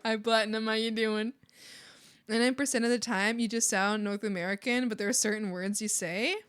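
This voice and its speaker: A Canadian woman streamer chatting casually with viewers while she draws, giggly and animated, often laughing. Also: a little high, normal speed, smooth.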